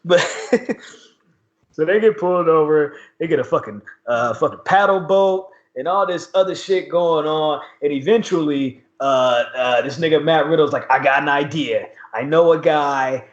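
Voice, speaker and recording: 男声，音调偏高，房间回声明显，音质发闷. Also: male voice, on the high side, normal speed. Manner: laughing, slangy, animated retelling. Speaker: podcast co-host. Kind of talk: casual wrestling recap chat. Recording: echoey room, dull lo-fi sound.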